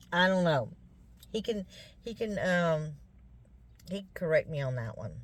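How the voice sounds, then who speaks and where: A woman's voice: on the low side, very animated, slow pace. A middle-aged woman with a Southern US accent, chatting casually to her viewers as y'all, her voice a bit congested from sinus drainage. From Louisiana, US. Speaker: vlogger.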